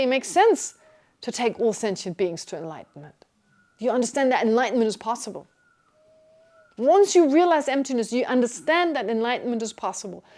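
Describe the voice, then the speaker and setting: A woman from Germany, giving a Buddhist teaching to a class in a lively, joking way with rhetorical questions. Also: high voice. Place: meditation centre teaching hall.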